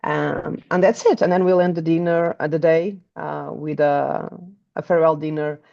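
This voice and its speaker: A woman's voice: low-pitched, flat delivery, moderate pace, creaky, mellow, highs cut off. A woman with a Portuguese accent, a tour guide chatting in an interview, hesitant with many restarts. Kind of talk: casual interview chat.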